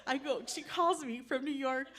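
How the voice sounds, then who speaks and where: Brief: woman storyteller, bright and high, lively delivery, plays every family member in her tale. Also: moderate pace. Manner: animated, acts out the voices of family members. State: tearful while telling. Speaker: personal storyteller. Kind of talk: live personal storytelling.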